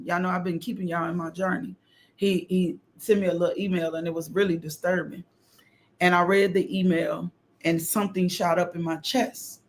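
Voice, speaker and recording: A middle-aged woman preaching a fervent morning devotional on a livestream, repeating phrases and breaking into loud exclamations. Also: fairly low pitch. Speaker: host of a morning devotional stream. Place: home livestream.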